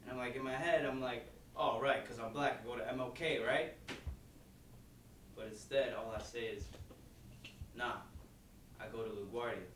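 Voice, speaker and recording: A young man playing a calm, level-headed Black teen boy in a staged reading monologue, telling his story in a measured, dry way. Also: mid-range voice, slight background noise, close to an everyday voice. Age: young adult. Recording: echoey stage filmed from far off.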